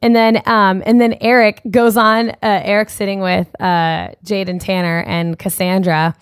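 A woman's voice: mid-range voice, flat delivery, normal speed, clear, resonant tone, no echo, studio quality. A woman co-hosting a podcast, chatting casually through a show recap with lots of fillers and quoted asides. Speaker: podcast co-host.

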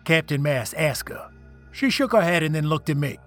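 A man's voice: fairly high pitch, animated, normal speed, fairly bright tone, soft background music. A man reading a first-person story aloud, telling it dramatically and with emotion. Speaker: narrator. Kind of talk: first-person scripted narration.

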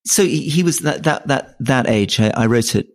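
A man's voice: mid-range voice, moderate pace, no echo, clean studio sound. A middle-aged man co-hosting a podcast in casual conversation, often restarting his sentences and repeating words as he thinks aloud. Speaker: podcast co-host.

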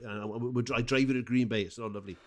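A man's voice: medium pitch, steady tone, rapid-fire, darkish tone, lightly acted. A man doing an eager Welsh-valleys football fan. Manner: pushy, repetitive, eager. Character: boisterous, friendly male American football fan.

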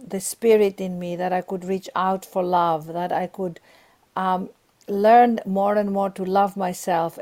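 A woman's voice: mid-range voice, warm tone. A woman guest on a podcast, earnestly giving spiritual advice and encouragement, often repeating herself.

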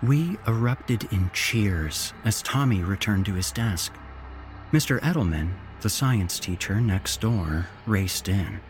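A man hosting a horror podcast, reading a story in an expressive, unhurried narration. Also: fairly low pitch, slight background noise.

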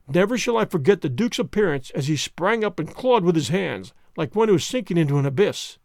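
Male narrator for an audiobook, high and lively voice, a bit gravelly. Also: a little fast, no room sound, clean studio sound. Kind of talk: scripted narration of a classic detective story.

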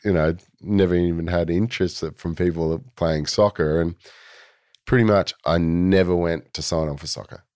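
A man's voice: sits low, steady tone, normal speed, a little mellow, no room sound, clean studio sound. An Australian man in his forties, a guest telling stories in a laid-back, rambling way with plenty of fillers. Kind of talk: casual storytelling.

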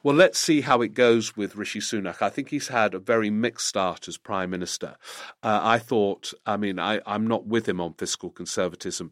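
Low-voiced man musing on politics. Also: no room sound, studio quality. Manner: thinking aloud, with restarts and stammers. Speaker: political podcast host. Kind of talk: casual solo commentary answering listener questions.

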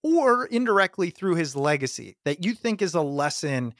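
A man's voice: a little high, very animated, moderate pace, fairly bright tone, no echo, clean studio sound. A man hosting a podcast, asking the guest thoughtful, curious questions. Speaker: podcast host, interviewer. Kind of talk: interview questions.

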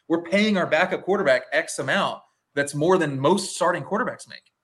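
A man's voice: fairly high pitch, moderate pace, fairly bright tone. A man co-hosting a sports podcast in casual chat, rambling with lots of "like" and restarts. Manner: rambling, heavy use of "like", restarts mid-sentence. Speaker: podcast co-host.

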